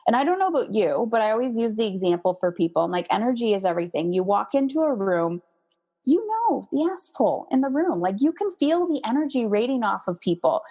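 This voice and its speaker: A woman being interviewed as a parenting coach, talking candidly and in an animated way, and often acting out her own past words. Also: on the high side, quick pace, slightly rough. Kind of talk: conversational interview.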